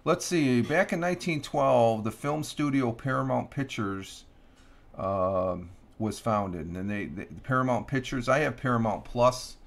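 A man's voice: medium pitch, unhurried, vocal fry. A man hosting a casual morning livestream from home, rambling through the day's notes with many restarts and fillers. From Upstate New York. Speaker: livestream host. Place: home room.

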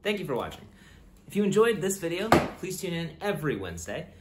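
A man's voice: fairly high pitch, very animated, fairly quick, heavy background noise. A man reading a children's picture book aloud for a museum storytime, telling it expressively. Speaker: storytime reader.

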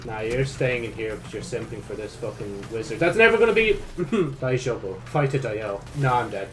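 Lively sweary young male gamer. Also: brisk, few pauses. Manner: swears a lot, swings from low mutters to frustrated yells. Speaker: gaming YouTuber. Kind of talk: live gameplay commentary.

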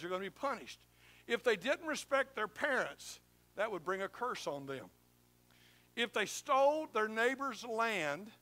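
A man's voice: high voice, sharp tone. A man preaching a sermon in a church, folksy and emphatic, teasing his congregation. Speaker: pastor. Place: church sanctuary.

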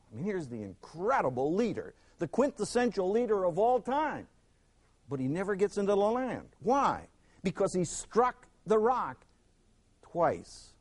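A man teaching a Bible lesson, dramatic, swinging from loud emphasis to a near hush and acting out the people in the stories. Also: sits high. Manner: acts out quoted speakers in the stories.

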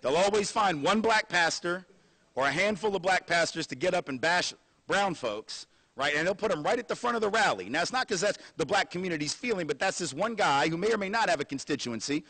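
Sarcastic, animated male lecturer. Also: high-pitched, quick pace. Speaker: guest lecturer. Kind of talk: public lecture. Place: university lecture hall.

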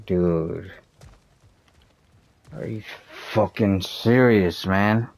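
A man with a deep, low voice gives casual gameplay commentary. He talks slowly and mutters frustrated complaints, full of swearing, as he plays. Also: gravelly, darkish tone. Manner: frustrated, heavily profane muttering. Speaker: gaming streamer.

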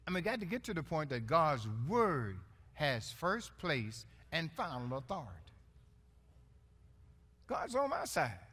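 A male pastor delivers a sermon. His voice sits high and swings widely in pitch. He calls out to the congregation, jokes, and laughs along with them. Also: big pitch swings, normal speed, sharp tone, slightly rough. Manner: call-and-response preaching, playful and laughing.

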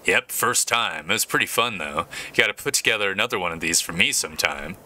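A man playing a gruff, blunt gangster. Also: deep voice, animated, fast talker, pushed and bright, heavily acted. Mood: wry.

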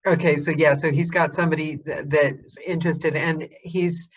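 A woman hosting a casual interview, chatty and enthusiastic, filling pauses with um. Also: low-pitched, fairly even intonation, husky, muffled recording. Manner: chatty, enthusiastic, quick to laugh, fills with um. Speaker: host.

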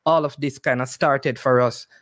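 A man's voice: mid-range voice, steady tone, moderate pace, a bit bright. A Jamaican man hosting an interview, speaking in a reflective, conversational way. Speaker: interview host.

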